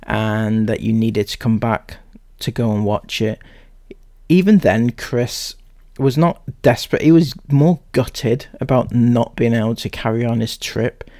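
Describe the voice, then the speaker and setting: This commentary host has a mid-range, somewhat dark voice and speaks at a measured pace. He addresses the people he mocks directly, openly skeptical and sarcastic, in a dry, studio-quality recording.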